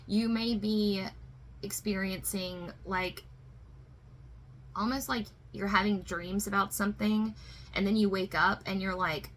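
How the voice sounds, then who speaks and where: A woman's voice: medium pitch, steady tone, a little slow, pushed and bright, slight background noise, poor audio. A woman giving a spiritual tarot reading to viewers, emotional and reassuring, often fighting back tears, with many fillers. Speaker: tarot reader.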